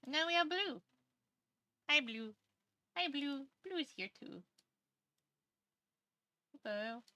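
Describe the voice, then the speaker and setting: Sleepy, bright-voiced woman streamer. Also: sits high, lively intonation, slow pace, no echo. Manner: sleepy, rambling, talks to chat. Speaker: VTuber streamer. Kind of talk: casual live-stream chat.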